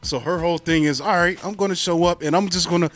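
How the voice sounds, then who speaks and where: A man's voice: sits high, steady tone, fast talker, a bit bright. A man co-hosting a casual film review, stammering through restarts and enthusing about the movie. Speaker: podcast co-host.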